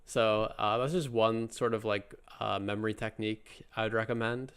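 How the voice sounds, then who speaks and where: A man's voice: fairly low pitch, steady tone, normal speed, over music. A man giving a casual, chatty language lesson, joking and circling back with lots of fillers and restarts. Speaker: Korean language teacher.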